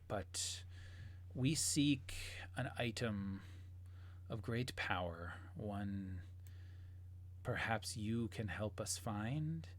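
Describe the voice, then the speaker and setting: A man voicing a cold, menacing woman Imperial commander in a tabletop game, talking slowly in a low, whispery hush. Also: a little hiss or hum.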